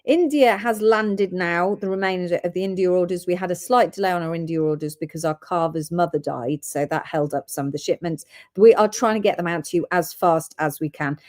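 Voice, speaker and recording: A woman's voice: fairly low pitch, a little fast, darkish tone. A woman hosting a live gem sale, chatting and reading out orders and codes.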